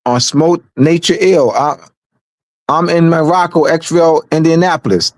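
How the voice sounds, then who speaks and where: A man's voice: fairly high pitch, moderate pace, a little mellow, dry recording. A man speaking on a community livestream in a casual, emphatic way, repeating phrases for stress.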